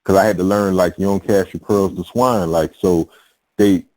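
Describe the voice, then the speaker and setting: A man's voice: low voice, steady tone, moderate pace, a little mellow, dry recording, rough recording. A man hosting a casual conversation, laid-back and slangy, stumbling over his words as he starts sentences. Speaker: podcast host.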